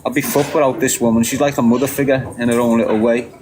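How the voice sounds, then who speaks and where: A middle-aged Liverpudlian channel host answers his viewers' questions bluntly and candidly, swearing freely in a casual monologue. His medium-pitched voice is flat and quick, with a noisy background.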